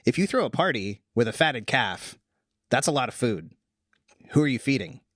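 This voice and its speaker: A man hosting a podcast, talking through a Bible passage casually, animated and full of restarts. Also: medium pitch, normal speed, dry recording, clean studio sound. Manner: animated, thinks aloud with restarts. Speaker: podcast host.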